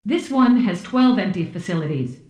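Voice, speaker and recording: A man's voice: high voice, animated, moderate pace, darkish tone. A woman doing a dutiful male starship officer reporting to a superior in an audiobook. The delivery is formal and deferential, with a roomy echo around it.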